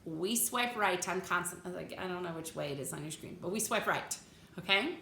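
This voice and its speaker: A woman's voice: lowish voice, expressive, brisk, vocal fry, pushed and bright, reverberant, slight background noise. A woman choir teacher giving a vocal lesson, coaching diction step by step and singing phrases for the class to copy. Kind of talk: vocal lesson with sung demonstrations.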